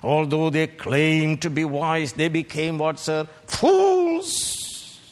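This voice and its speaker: A man preaching a fiery sermon, slow and emphatic, climbing to shouted peaks. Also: on the high side, little pitch movement. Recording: long reverb of a large hall.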